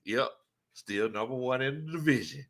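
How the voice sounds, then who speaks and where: A man's voice: mid-range voice, moderate pace, fairly bright tone. A man hosting a casual sports talk stream, laughing often and greeting viewers by name. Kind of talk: casual live-stream chat.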